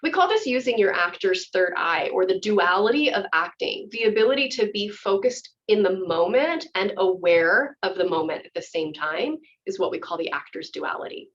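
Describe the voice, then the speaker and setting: A woman's voice: mid-range voice, lively intonation, moderate pace, hardly any pauses, fairly bright tone. A woman acting teacher giving a chatty, enthusiastic workshop explanation. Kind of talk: workshop instruction. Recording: dull lo-fi audio.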